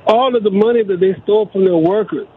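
Guy calling in, high raspy voice, stammers, sounds like a phone line. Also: fast. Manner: insistent, stammering. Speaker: caller. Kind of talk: phone-in call.

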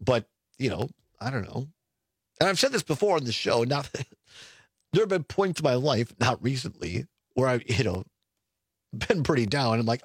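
Lively middle-aged male radio host. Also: medium pitch, normal speed, long pauses, slightly rough, dry recording, clean studio sound. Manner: animated, chuckling, self-correcting. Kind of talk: casual talk radio chat. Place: radio studio. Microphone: studio mic.

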